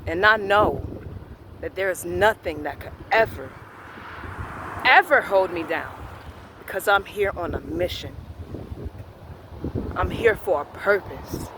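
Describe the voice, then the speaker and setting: A man with a notably high voice delivers a spiritual affirmation monologue at an unhurried pace. He talks earnestly and repeats his phrases. Wind and outdoor ambience run loudly behind him. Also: animated. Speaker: motivational vlogger.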